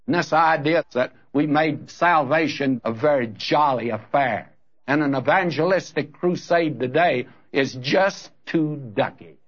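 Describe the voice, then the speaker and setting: An older man preaches with earnest conviction, his voice sitting a bit high and climbing sharply when he presses a point. The recording is dull and lo-fi, like an old archival tape. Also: fairly bright tone. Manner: earnest, rising to emphatic rebukes. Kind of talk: sermon.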